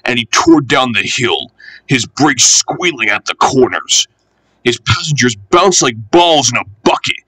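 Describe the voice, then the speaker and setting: A man narrating a children's train storybook in an expressive, animated way. His pace is slow and unhurried, his tone bright, and the recording dry and close. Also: medium pitch, husky, dry recording, low-quality recording. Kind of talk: storybook reading.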